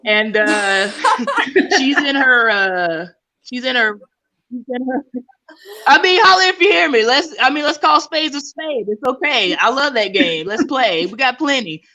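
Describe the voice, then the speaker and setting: A woman's voice: a little high, expressive, unhurried, bright, forceful tone, poor audio. A woman stand-up comedian, rambling and giggling through her set. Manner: rambling, giggly, jokes with voices.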